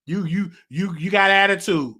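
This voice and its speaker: A man hosting a casual monologue, animated, stammering and repeating himself. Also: sits high, moderate pace, slightly rough. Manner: animated, repetitive, stammering restarts. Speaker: show host.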